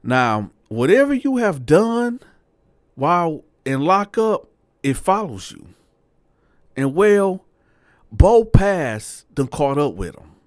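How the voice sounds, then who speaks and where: Animated man telling a street story. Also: a little high, slow, long pauses, no echo, studio quality. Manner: animated, acts out dialogue in voices. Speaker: storyteller host. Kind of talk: casual prison storytelling.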